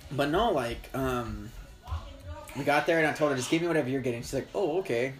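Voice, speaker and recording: A man's voice: medium pitch, a little fast, over music. A young man hosting a podcast, rambling through casual stories with a lot of swearing. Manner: rambling, profane storyteller. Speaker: podcast host. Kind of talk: casual chat.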